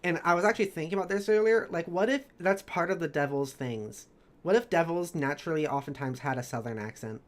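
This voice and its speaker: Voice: mid-range voice, a little fast. A streamer reading a story recap of a tabletop campaign, chatty and rambling. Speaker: streamer narrating campaign lore.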